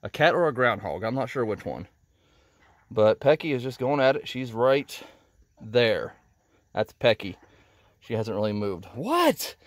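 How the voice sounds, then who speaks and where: A man's voice: medium pitch, unhurried, long pauses, no echo. A man vlogging casually from inside a chicken coop in a greenhouse, a little out of breath, chatty and laughing often. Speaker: homesteading vlogger. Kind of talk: casual walk-and-talk vlog. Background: chickens clucking.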